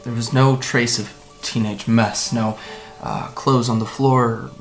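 A man playing a guarded, gravelly young man. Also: mid-range voice, fairly even intonation, soft background music, close to an everyday voice. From Japan. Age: 20s. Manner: hesitant, halting, wry. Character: guarded young man recounting fleeing home. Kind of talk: audio drama acting.

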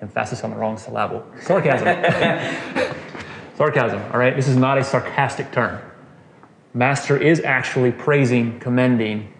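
Bible study leader, male, mid-pitched, easygoing teaching talk, recorded in an echoey room with faint hiss. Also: measured pace, creaky. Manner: casual, quizzes the group, frequent "okay" and "right". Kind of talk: conversational scripture teaching. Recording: roomy echo, faint noise.

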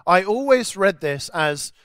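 A man's voice: sits high, animated, unhurried, fairly bright tone, clean tone, no echo, studio quality. A man preaching a sermon with earnest, emphatic repetition.

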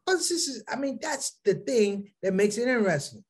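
Brief: middle-aged male comic, high voice, animated storyteller who acts out characters. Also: moderate pace, slightly rough. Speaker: comedian. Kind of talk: stand-up comedy.

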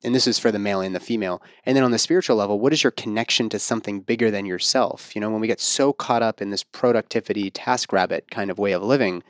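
A man in his thirties hosting a podcast interview, talking in a self-assured, animated way and pushing his pitch up for emphasis. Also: quick pace, hardly any pauses, dry recording, clean studio sound. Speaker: podcast host and fertility coach. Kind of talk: casual interview chat.

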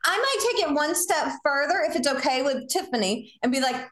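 A woman with a Southern US accent hosting a podcast, coaching in a casual, animated way and acting out sample conversations. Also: sits high, quick pace, hardly any pauses, roomy sound. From Southern United States. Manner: animated, acts out sample dialogue in lively voices. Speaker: podcast host.

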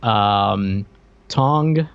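A man's voice: on the low side, very slow, vocal fry, highs cut off. A man co-hosting a podcast in casual chat, hesitant, with many fillers and restarts. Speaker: podcast co-host.

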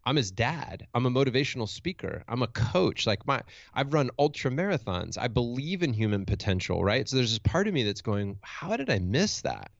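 A man's voice: mid-range voice, expressive, fairly quick, vocal fry, hardly any pauses, no room sound, muffled recording. A man who works as a motivational speaker and coach, telling a personal story in a reflective, candid way, thinking aloud with restarts and asking "right?" as he goes.

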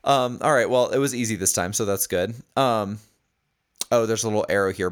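A man's voice: medium pitch, lively intonation, normal speed, a bit bright. A man co-hosting a podcast, reading diary notes aloud and teasing, often laughing. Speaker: podcast co-host.

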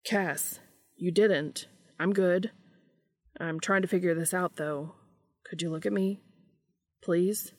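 A woman reading a storybook part as an easygoing grown man who talks softly and coaxingly, sometimes whispering. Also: on the low side, fairly even intonation, takes it slowly, long pauses.

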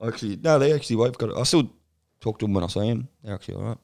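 A man's voice: on the low side, expressive, rapid-fire, darkish tone. A young Australian man telling crude stories in casual chat, swearing constantly and acting out quoted people.

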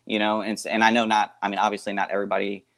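A man co-hosting a casual podcast, rambling and halting, with frequent restarts. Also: lowish voice, completely flat delivery, vocal fry, a bit bright. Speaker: guest co-host. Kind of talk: casual chat.

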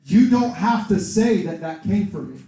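A man preaching a sermon in a conversational, animated way, acting out quoted voices. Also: high voice, moderate pace, gravelly. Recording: echoey room, far from the mic.

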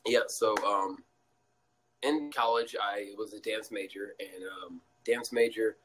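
A young man telling a story as a guest in a casual interview, animated and laughing often, acting out quotes in a high voice. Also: measured pace, slight background noise, poor audio.

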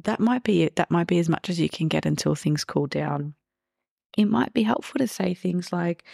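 Low, gravelly-voiced woman coaching parents. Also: moderate pace, dry recording, studio quality. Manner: calm, reassuring, acts out example phrases for parents. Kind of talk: podcast advice talk.

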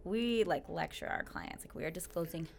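A woman's voice: lowish voice, lively intonation, moderate pace, gravelly, a little hiss or hum. A woman real estate agent chatting casually in an interview, speaking frankly about her work.

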